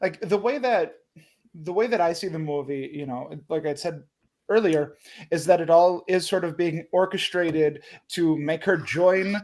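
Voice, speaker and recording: A man with a fairly high voice, chatting casually about a film on a podcast. He rambles and restarts his sentences often, sometimes slipping into the thoughts of the characters. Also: measured pace, a little mellow. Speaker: podcast panelist.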